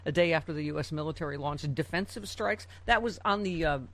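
A woman's voice: low voice, fast talker. A woman hosting a news talk show, reading headlines aloud and adding sarcastic asides with frequent fillers.

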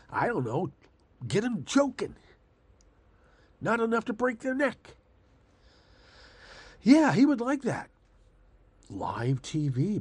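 A man's voice: sits high, a little mellow, husky, no echo. An older man ranting in a casual monologue, sarcastic and rambling, swearing and laughing at his own jokes. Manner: profane and angry.

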